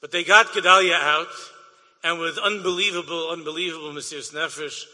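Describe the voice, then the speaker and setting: A man recounts an inspirational tale with animated, sing-song emphasis, repeating key words for effect. His voice is high and intensely bright, trailed by a long hall reverb. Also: a little fast. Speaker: storyteller. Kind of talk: inspirational storytelling.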